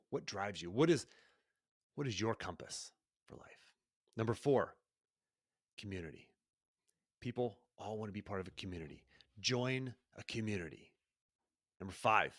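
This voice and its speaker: A man's voice: fairly low pitch, animated, moderate pace, pauses often, fairly bright tone, no echo, clean studio sound. A middle-aged man hosting his own podcast, talking energetically and conversationally, often tossing in rhetorical questions. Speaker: podcast host and coach. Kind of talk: solo podcast monologue.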